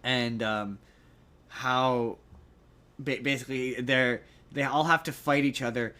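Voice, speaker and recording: Male podcast co-host, bright, lively, jokey casual chat. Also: medium pitch. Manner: animated, jokey, does quick shouted impressions.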